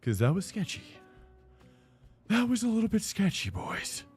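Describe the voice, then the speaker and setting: Laid-back young streamer guy, animated. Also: sits high, normal speed, faint music behind. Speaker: sim racing streamer. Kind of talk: casual chat while live-streaming a race.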